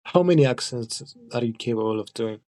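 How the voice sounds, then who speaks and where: A podcast host asking questions in a halting way, restarting and repeating words. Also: male voice, mid-range voice, animated, a little mellow, no room sound. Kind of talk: casual chat.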